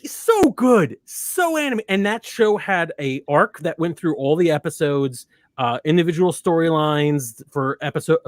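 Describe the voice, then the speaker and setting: A man hosting a casual chat in an animated, opinionated and jokey way. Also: fairly high pitch, dry recording. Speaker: podcast host.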